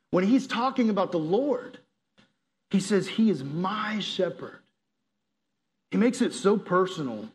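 A young man from the United States preaches to young people in a relaxed, storytelling way, with a voice pitched high for a man. He jokes, drops slang and lets the tale run loose. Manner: casual and joking, uses slang. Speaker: youth pastor. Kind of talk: casual youth sermon with storytelling.

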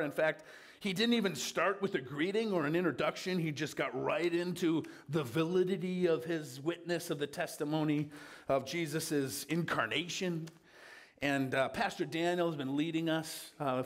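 A man preaching a sermon in a relaxed, conversational way. His voice sits a little higher than most men's, and he often pauses on fillers and starts his phrases over. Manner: conversational, with frequent fillers and restarts.

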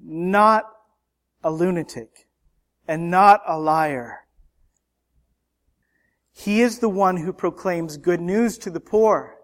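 Male preacher, high voice, slow deliberate delivery, fervent sermon. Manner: impassioned, rhetorical, swings between loud emphasis and hushed lines.

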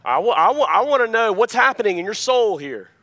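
A man with a high-pitched voice preaching a sermon to a congregation. He preaches emphatically, repeats his key phrases, and checks in with a questioning "Amen?". He swings between loud, forceful points and quiet, low-voiced asides. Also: sing-song, fairly quick. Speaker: pastor.

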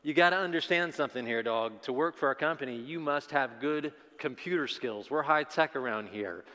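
A man's voice: mid-range voice, fairly quick, bright, forceful tone, in a large hall, lightly acted. A man doing a flustered, stubborn office manager. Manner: exasperated protests, stammering.

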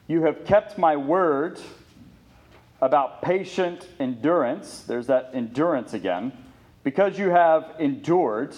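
A man's voice: fairly high pitch, a little mellow. A man preaching a sermon as pastor, earnest and emphatic, building his points with lists and rhetorical questions.

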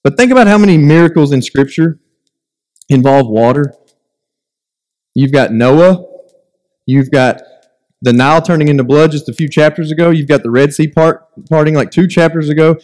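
A man preaching a sermon as a pastor, animated, with joking asides and mock voices of complainers. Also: a little high, normal speed, pauses often. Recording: long hall reverb.

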